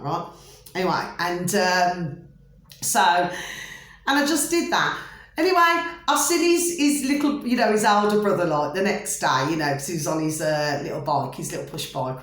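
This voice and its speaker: A woman's voice: fairly low pitch, fairly bright tone. A woman telling a long personal story in a rambling, chatty way, repeating herself and saying "you know" again and again. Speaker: storyteller sharing a personal experience. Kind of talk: rambling casual monologue. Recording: very echoey room.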